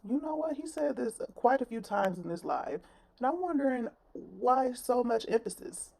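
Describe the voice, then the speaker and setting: A woman's voice: a little high, animated, moderate pace, creaky, darkish tone. A woman giving blunt, sassy reaction commentary on a clip, with plenty of slang. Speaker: commentary vlogger.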